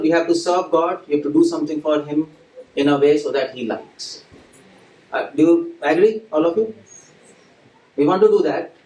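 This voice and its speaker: A man's voice: fairly high pitch, mellow. Man lecturing in an echoey temple hall. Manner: conversational, asks the audience questions and acts out little scenes. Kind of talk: devotional lecture to a live audience. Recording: echoey hall, mic at a distance, faint ambient noise.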